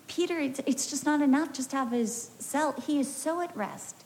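A woman's voice: sits high, moderate pace, a little mellow, a little hiss or hum. An American woman preaching a sermon in an emphatic, storytelling way with humorous asides. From United States.

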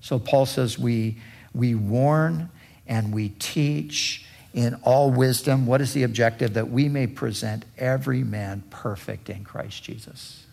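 A man preaching a sermon as pastor, with deliberate emphatic repetition. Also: medium pitch, creaky, a little mellow.

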